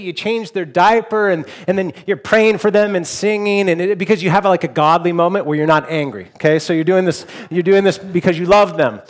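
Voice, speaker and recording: A pastor in his forties delivers a sermon in a relaxed, conversational way. His voice sits fairly high for a man. He often restarts and repeats words, and he moves between loud emphasis and a soft hush. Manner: shifts between loud emphasis and hushed softness.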